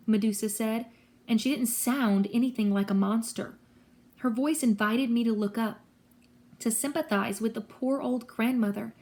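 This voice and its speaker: A woman narrates a story in the first person. Her voice sits a bit high and stays steady. She tells it with lively pacing. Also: moderate pace. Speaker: audiobook reader.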